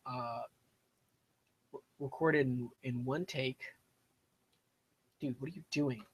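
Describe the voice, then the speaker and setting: A man's voice: mid-range voice, a little slow, pauses often. A young man chatting casually during a live game stream, rambling and self-deprecating as he plays. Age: young adult. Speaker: gaming streamer. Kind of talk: casual live-stream commentary while playing.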